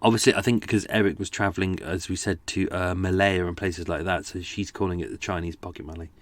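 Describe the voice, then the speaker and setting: A man's voice: sits low, fairly even intonation, quick pace. A man hosting a true-crime podcast, talking casually with jokey, rambling asides. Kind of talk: casual chat.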